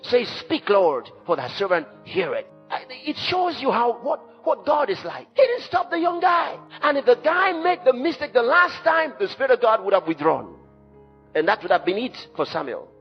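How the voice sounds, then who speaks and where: A pastor preaching a sermon emphatically, with sudden shouts and dramatic drops. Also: male voice, extremely high pitch, very animated, moderate pace. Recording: dull lo-fi sermon recording with faint music.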